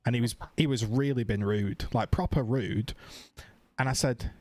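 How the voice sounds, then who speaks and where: British male streamer, mid pitch, animated and sweary casual rant. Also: moderate pace, dry recording. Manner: animated, swears freely, repeats "I said". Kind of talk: casual chat, ranting anecdote.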